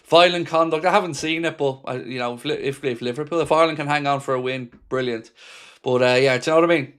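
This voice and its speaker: A man's voice: on the high side, fast talker, a bit bright, smooth. A man hosting a fan live stream, chatting casually, reading viewer comments out and answering each commenter by name.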